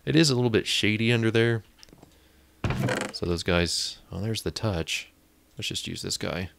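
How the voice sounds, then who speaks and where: A man's voice: lowish voice, normal speed, vocal fry, background noise. A young man from Indiana, chatting and rambling as he plays a video game, easily startled. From Indiana, USA. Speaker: gaming YouTuber. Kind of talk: casual gameplay commentary.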